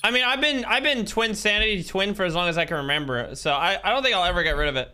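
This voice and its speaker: A man's voice: sits high, lively intonation, fast talker, sharp tone, clean tone. A young man casually commenting on a video game he is playing, joking and greeting viewers by name. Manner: jokey, chats with viewers while playing. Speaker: streamer. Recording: game music playing behind.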